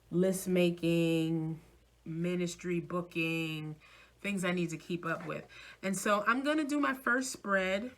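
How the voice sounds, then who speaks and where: A woman's voice: fairly low pitch, a little hiss or hum. A woman in her forties from New York City, with a mixed New York, Midwest, Southern and Louisiana accent, chatting casually and animatedly while flipping through her planner. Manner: chatty and animated, laughing easily. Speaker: vlogger and minister.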